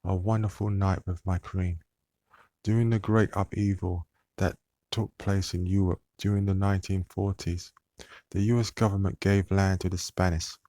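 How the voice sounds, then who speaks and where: A man's voice: low voice, flat delivery, moderate pace, warm tone, no echo. A man hosting his own channel, talking to viewers in a meandering, hesitant monologue full of fillers and restarts. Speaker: channel host.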